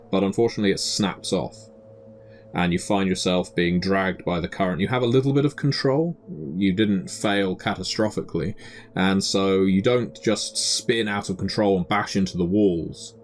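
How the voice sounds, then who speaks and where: Deep, slow-spoken man as game master. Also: slight background noise. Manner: measured, descriptive narration with some fillers. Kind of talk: narrating a tabletop game.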